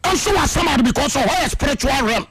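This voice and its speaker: A Ghanaian man preaching a sermon with call and response, fervent, shouting and half-singing his phrases and calling for amens. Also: extremely high pitch, expressive, fast. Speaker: evangelist preacher. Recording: noisy broadcast recording.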